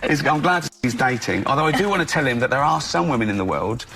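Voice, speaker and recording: A man's voice: medium pitch, lively intonation, fast talker, gravelly, bright, forceful tone. A middle-aged man chatting as a talk show guest, telling cheeky, laughing stories and often restarting his sentences. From England. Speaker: comedian guest. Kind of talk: talk show chat and anecdote.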